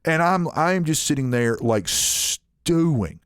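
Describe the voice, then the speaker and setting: Animated man telling a story. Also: a little high, measured pace, clean tone, no echo, studio quality. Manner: animated, acts out quoted people in shifting voices. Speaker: podcast co-host. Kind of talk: casual storytelling chat.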